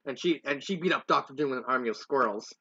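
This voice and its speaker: A man's voice: mid-range voice, fast, pushed and bright, lo-fi sound, slight background noise. A man reading fanfiction aloud, rambling and stumbling over words, with self-mocking asides. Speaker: fanfiction reader. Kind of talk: casual story reading with asides.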